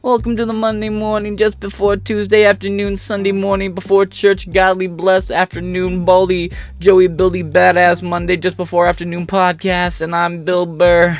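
A man putting on the voice of a brash male comedian opening a podcast with a rambling run-on intro, pitched well above his usual voice. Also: monotone, normal speed, creaky, few pauses, faint music behind. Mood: mocking.

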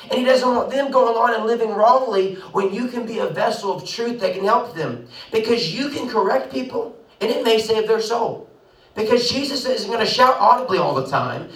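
A man's voice: high-pitched, a bit bright, echoey room, far from the mic, low-quality recording. A man preaching a sermon with emphatic delivery, acting out the voices he quotes. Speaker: pastor.

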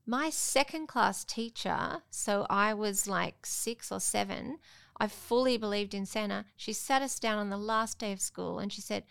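Animated storytelling mum, gravelly edge. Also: female voice, medium pitch, measured pace. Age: middle-aged. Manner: animated storytelling, acting out her daughter's voice. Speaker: guest mum. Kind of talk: casual family chat.

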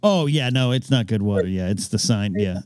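A man with a mellow, darker voice co-hosts a goofy chat show. He fires off short quips and reads out comments from the live chat. His voice sounds dry and close. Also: lowish voice, lively intonation, clean tone, dry recording. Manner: quick quips, reads viewer chat aloud. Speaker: co-host. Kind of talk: casual chat.

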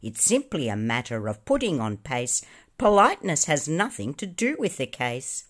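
A woman voicing a rude, bossy male magic pudding with a gruff, shouting manner. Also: deep voice, big pitch swings, moderate pace. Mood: blustering.

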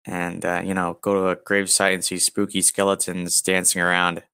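A young man co-hosting a podcast, joking in a deadpan, absurd way during casual chat. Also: deep voice, fairly quick, clear, resonant tone, no room sound, clean studio sound. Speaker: podcast co-host.

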